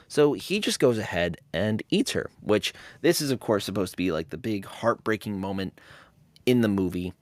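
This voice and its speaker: A man's voice: on the low side, lively intonation, moderate pace, dry recording. A man hosting a podcast, giving a casual film commentary with sarcastic jokes. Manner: sarcastic, joking. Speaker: podcast host.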